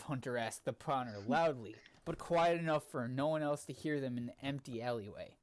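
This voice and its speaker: A man's voice: medium pitch, normal speed, hardly any pauses. A man reading fan fiction aloud with sardonic asides, often stumbling over the text. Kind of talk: comedic dramatic reading with asides.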